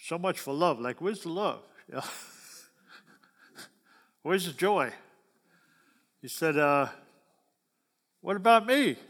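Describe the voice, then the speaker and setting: With a high-sitting, fairly bright voice, a man gives a folksy sermon and often asks his audience questions. The recording carries long hall reverb.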